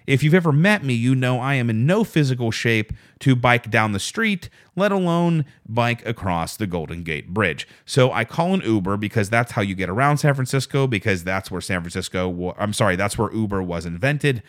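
A man's voice: fairly low pitch, animated, normal speed, few pauses. A man hosting a solo podcast, telling a rambling, self-deprecating story with plenty of swearing. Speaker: podcast host.

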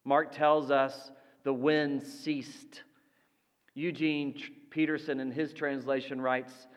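A man preaching a sermon as pastor, slow and deliberate, letting his voice drop soft for quoted lines. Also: medium pitch, little pitch movement, clear, resonant tone. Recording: long reverb of a large hall.

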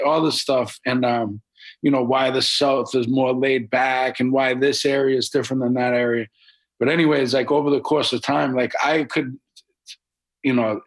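A man's voice: medium pitch, poor audio. A man with a Boston accent, a guest talking casually and rambling a little on a video call from home. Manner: laid-back, rambling with fillers. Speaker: podcast guest, rapper and actor. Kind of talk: casual interview chat.

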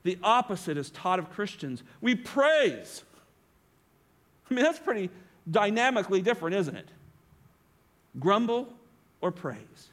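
A man preaching a sermon as pastor, swinging between emphatic lines and hushed asides. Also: high voice, sing-song, normal speed.

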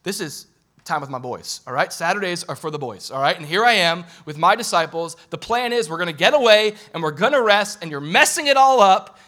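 A young man preaching a sermon as a pastor, lively and joking, talking straight to the congregation. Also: high-pitched, fairly quick, few pauses.

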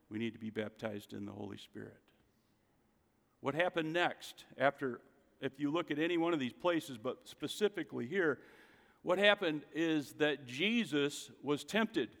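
A man's voice: medium pitch, creaky, fairly bright tone, long reverb tail. A man preaching a sermon as a pastor, emphatic, asking his listeners rhetorical questions.

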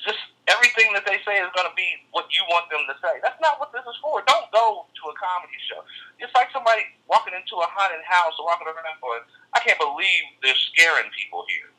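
An American man, a comedian, talking in a casual podcast chat, animated and swinging into loud emphatic outbursts. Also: sits high, quick pace, rough recording. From United States.

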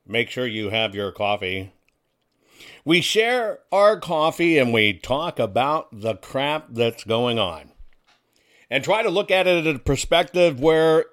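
A man's voice: medium pitch, fairly bright tone. A man hosting a casual talk show, talking in a folksy, combative way and throwing rhetorical questions at his listeners. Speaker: host.

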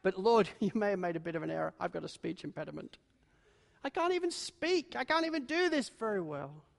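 A man's voice: sits high, lively intonation, brisk, vocal fry, long reverb tail. A man voicing a frightened, reluctant Moses, whining and pleading inside a sermon. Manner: whiny, pleading.

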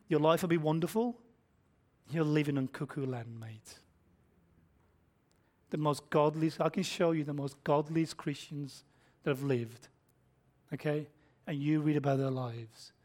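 A male pastor, preaching a sermon and swinging between loud declarations and hushed asides. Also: a little high. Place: church.

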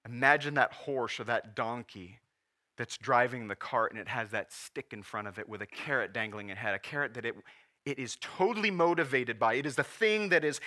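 Preaching from the pulpit, this man in his forties has a bright, forceful voice pitched in the middle of the male range. His delivery is heartfelt and earnest, and now and then he fights back tears.

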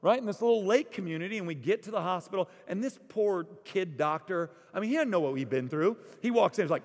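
A middle-aged man preaching a sermon, telling stories with lively swings from loud bursts to hushed, quiet prayer. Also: high-pitched, moderate pace, gravelly. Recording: long hall reverb.

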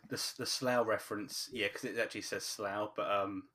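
A man speaks in a low, deep voice, chatting casually as a podcast co-host. He talks hesitantly, full of ums and restarts, as he thinks aloud. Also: steady tone, moderate pace, pushed and bright. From from just outside London, England. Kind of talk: casual chat about a TV show.

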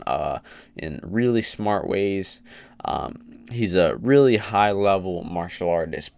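A man's voice: fairly low pitch, smooth, no room sound. A man giving opinionated, rambling casual commentary on a podcast, getting heated at times.

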